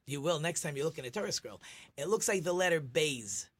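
A man's voice: on the high side, expressive, fairly quick, fairly bright tone. A middle-aged man, a rabbi hosting a radio talk show, chatty and teacherly, telling jokes.

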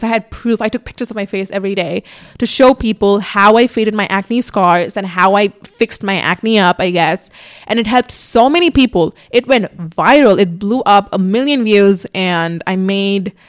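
A woman's voice: mid-range voice, moderate pace. Chatty young woman vlogging candidly. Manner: chatty, candid, swears casually. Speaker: YouTuber. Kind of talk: casual sit-down vlog. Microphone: camera on tripod in front of her.

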